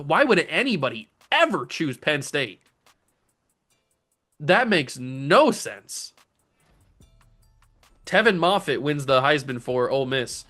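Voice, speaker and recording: Young guy ranting over his football game, kinda high voice, quiet music behind. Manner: melodramatic, ranting, exasperated outbursts. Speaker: gaming channel host. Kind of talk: casual video game commentary.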